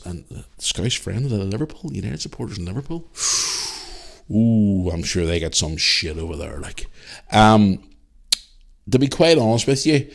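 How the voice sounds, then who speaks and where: A man's voice: lowish voice, vocal fry. A middle-aged man with a Northern Irish accent, hosting a casual solo podcast and chatting loosely as he reads out listener messages. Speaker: podcast host.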